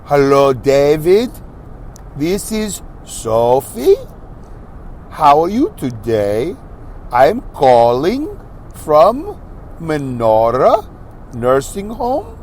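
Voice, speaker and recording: A man imitating a polite female nurse who speaks in an exaggeratedly slow, careful way. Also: fairly high pitch, wildly swooping pitch, darkish tone, a little hiss or hum, pitched below the performer's own voice, exaggerated voice. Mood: overly patient.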